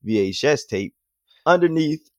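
A young man co-hosting a podcast, telling a childhood story in a lively, profane, casual way. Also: on the high side, unhurried, dry recording. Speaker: podcast co-host.

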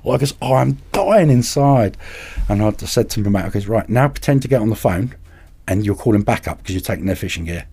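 Husky man telling fishing stories. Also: on the low side, fast talker. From England. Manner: animated, acts out other people's voices in anecdotes. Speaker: podcast guest, carp angler. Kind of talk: casual storytelling.

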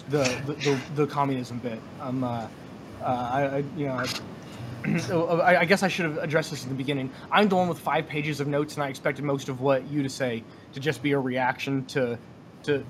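A man co-hosting a casual podcast discussion, talking in a halting way with many fillers and restarts. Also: medium pitch, fairly bright tone, slight background noise. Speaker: podcast co-host.

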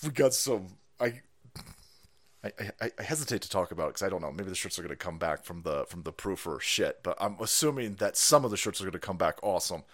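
Low-voiced and quick, this man hosts a livestream and delivers an expressive, foul-mouthed political rant. He mocks loudly, going from muttering one moment to yelling the next.

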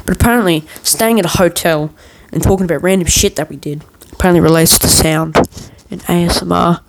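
A man's voice: high voice, a little fast, vocal fry, slight background noise, low-quality recording. A man hosting a podcast, telling a long story in a meandering, joking way full of swearing and restarts. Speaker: podcast host. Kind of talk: rambling casual storytelling.

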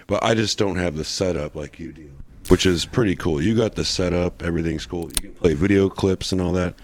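A man's voice: low-pitched, brisk, darkish tone. A man chatting loosely as a podcast guest, profane and full of restarts. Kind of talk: casual podcast chat.

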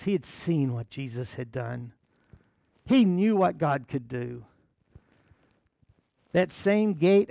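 A man's voice: high voice, a little mellow, no room sound, studio quality. A man from the United States preaching a sermon as pastor, telling a story with chuckling asides.

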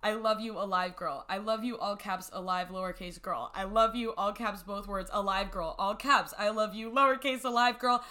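A woman's voice: mid-range voice, fairly even intonation, normal speed, hardly any pauses, bright, forceful tone. A young woman hosting a podcast in casual chat, blunt and profane, laughing often and reading messages aloud in mocking tones. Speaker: podcast host.

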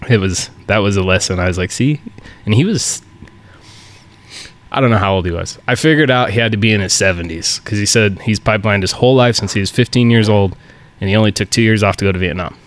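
Hosting a podcast, a man trades casual job-site stories, cursing freely and acting out the things people said. His voice is lowish and he talks fast.

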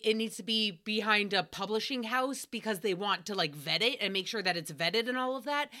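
Podcast host, woman, thirties, bright and sarcastic, casual riffing delivery. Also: on the high side. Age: 30s. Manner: sarcastic, riffing, swears freely.

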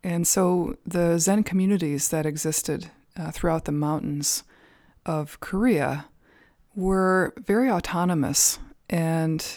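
Calm, low-voiced woman storyteller. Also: no echo, studio quality. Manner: calm, measured, with soft fillers. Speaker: storyteller at a Zen center. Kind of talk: storytelling podcast narration.

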